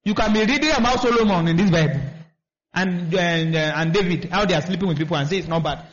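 A man's voice: sits high, fast. A man preaching a sermon, repeating himself and asking the congregation to finish his lines. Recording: dull lo-fi recording.

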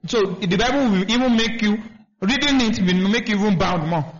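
High-voiced preacher, lo-fi. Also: male voice, normal speed. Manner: repetitive, asks the congregation to finish his lines. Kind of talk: sermon. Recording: dull lo-fi recording.

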